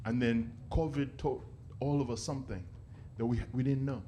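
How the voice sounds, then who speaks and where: A man from Africa performing stand-up comedy, animated and acting out the people he describes. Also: medium pitch, moderate pace, a little hiss or hum.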